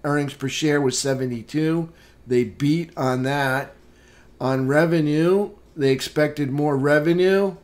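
A man hosting a live trading room, calmly talking through market charts with casual fillers. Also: fairly high pitch. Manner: unhurried, plain chart commentary with fillers. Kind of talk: live market recap walkthrough.

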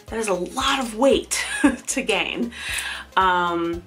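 A woman's voice: medium pitch, slow pace, fairly bright tone, soft background music. A woman in her thirties giving a casual, candid personal update vlog, chatty and laughing at herself, sounding tired. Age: 30s. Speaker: vlogger.

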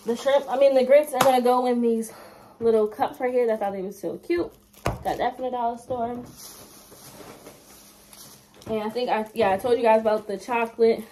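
A woman's voice: on the high side, steady tone, moderate pace, pauses often, noisy background. Chatty young woman vlogging to her phone. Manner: chatty, talks straight to viewers. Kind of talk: casual vlog chat. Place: car and home.

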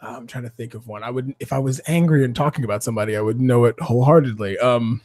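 A man co-hosting a casual panel chat, animated and emphatic, often saying "dude" and "by the way". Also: mid-range voice, fast, no echo, clean studio sound. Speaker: podcast co-host.

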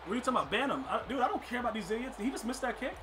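A man streaming a football video game, commenting live and talking to his chat, often exasperated and breaking into loud outbursts. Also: extremely high pitch, expressive, rapid-fire, noisy background. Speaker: gaming streamer.

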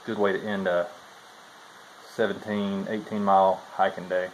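In a low-quality recording with a little hiss or hum, a deep-voiced man vlogs from a forest trail shelter during his long hike. He speaks at normal speed with a flat delivery, relaxed and chatty, using "y'all" often in a laid-back Southern way.

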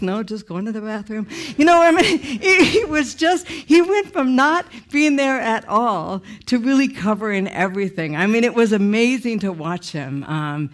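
A middle-aged woman shares her testimony from the pulpit in a high, bright voice. She tells it in an animated storytelling way. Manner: animated storytelling, laughing through the telling. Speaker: speaker sharing her testimony. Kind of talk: testimony sermon.

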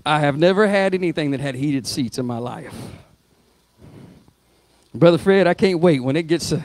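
A man preaching a sermon as pastor, swinging from loud rising exhortation to quiet spoken prayer. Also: fairly high pitch, moderate pace, dry recording. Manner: preaching with rising shouts, then hushed prayer. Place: church sanctuary.

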